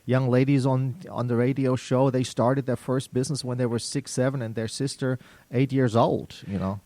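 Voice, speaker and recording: A man with a German accent hosting a business radio show, talking in a relaxed way with many fillers. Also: mid-range voice, moderate pace, no room sound. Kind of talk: casual radio talk. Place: radio studio.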